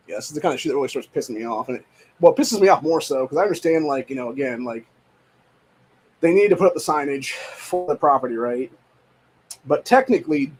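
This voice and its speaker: A man's voice: medium pitch, a little mellow, slight background noise. A young man at home, ranting in a casual, profane, exasperated way with lots of repetition. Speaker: podcast host. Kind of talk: casual rant.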